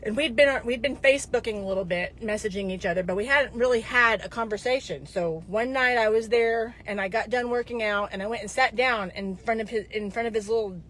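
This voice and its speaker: A woman's voice: fairly high pitch, a little fast, hardly any pauses, fairly bright tone, slight background noise. A woman in her fifties talking casually to her viewers, rambling from one story to the next, with frequent digressions and restarts. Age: 50s.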